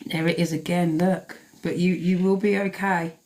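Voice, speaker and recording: A woman's voice: fairly low pitch, level tone, normal speed, darkish tone. A woman giving a blunt, emphatic live tarot reading, swearing freely as she talks to viewers. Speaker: tarot reader.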